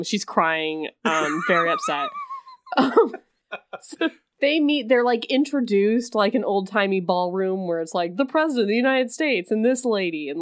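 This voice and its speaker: A woman's voice: fairly low pitch, dry recording, studio quality. A woman co-hosting a casual chat, gushing over a film scene, laughing often and swearing casually. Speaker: podcast co-host. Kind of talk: casual movie recap chat.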